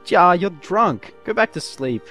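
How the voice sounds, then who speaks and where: A man voicing a distraught, drunk female pony princess who sobs and wails in a high voice. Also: lively intonation, unhurried, a bit bright, faint music behind. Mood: wailing. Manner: high wailing voice, sobbing.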